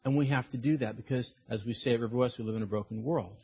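A middle-aged man preaching a sermon, telling personal stories in an animated way and acting out the voices of the people in them. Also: mid-range voice, quick pace, husky, muffled recording. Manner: storytelling, animated, acts out quoted voices. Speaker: pastor.

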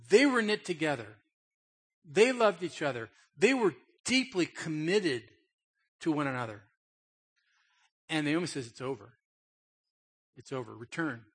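A man's voice: high voice, slightly rough. Emphatic, chatty preacher man. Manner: emphatic, conversational, asks "okay?". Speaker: pastor. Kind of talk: sermon with scripture reading.

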